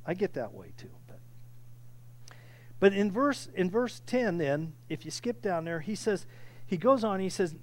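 A man preaching a sermon with impassioned delivery, often restarting phrases and building to loud peaks. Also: sits high, sing-song, moderate pace. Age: older. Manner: impassioned, rising to near shouting, with frequent restarts. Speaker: pastor.

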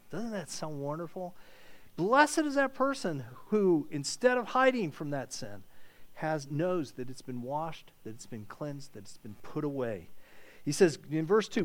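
Male preacher, higher voice, very lively pitch, earnest sermon delivery. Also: unhurried. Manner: earnest, animated, repeats words while searching.

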